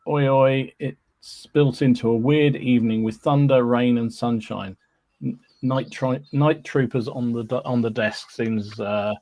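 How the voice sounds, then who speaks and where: On a live podcast, a man with a medium-pitched, darkish voice chats casually and greets listeners by name one at a time. He's easygoing and talkative, filling the stream with plenty of fillers and little hums.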